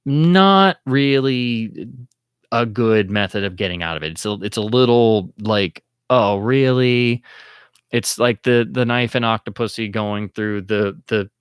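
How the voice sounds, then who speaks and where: A man hosting a livestream, chatting about films in a casual, excitable way and jumping his voice up high to act out audience reactions. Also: moderate pace, few pauses, smooth, dry recording, studio quality. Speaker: livestream host. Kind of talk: casual film commentary.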